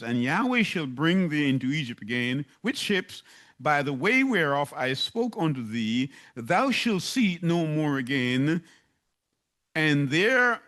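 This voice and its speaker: A man preaching a sermon reads scripture aloud and poses rhetorical questions to his listeners. His voice is a little high and fairly bright.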